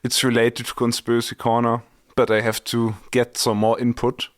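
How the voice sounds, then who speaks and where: A man's voice: mid-range voice, completely flat delivery, moderate pace. A young man co-hosting a casual book podcast, teasing and playing a mock show host. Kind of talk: casual chat.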